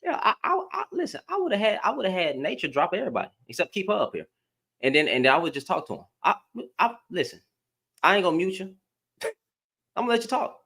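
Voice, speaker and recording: A man hosting a livestream with a high, lively voice that swings all over. He talks heatedly and confrontationally, firing questions back at people. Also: fast, gravelly, slightly rough. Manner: confrontational, animated. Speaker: livestream host.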